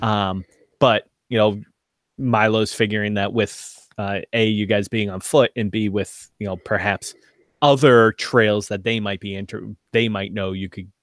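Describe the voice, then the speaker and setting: A man's voice: lowish voice, steady tone, a little slow, dry recording, studio quality. Rambling man running a tabletop game. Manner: rambling, self-mocking, laughs often. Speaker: game master. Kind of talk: casual game narration with banter.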